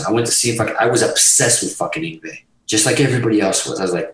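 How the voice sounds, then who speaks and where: A man's voice: fairly low pitch, racing, hardly any pauses, echoey room, rough recording. A man telling a rambling road story as a guest in a casual interview, swearing constantly and jumping between thoughts. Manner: animated, profane, rambling. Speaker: guitarist guest.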